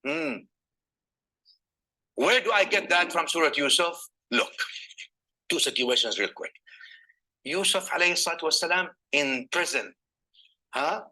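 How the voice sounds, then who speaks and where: A man's voice: fairly high pitch, lively intonation, measured pace, pauses often, sharp tone, poor audio. A man preaching a sermon, telling stories and reciting Arabic scripture between English explanations, often asking the listeners rhetorical questions. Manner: asks the audience rhetorical questions.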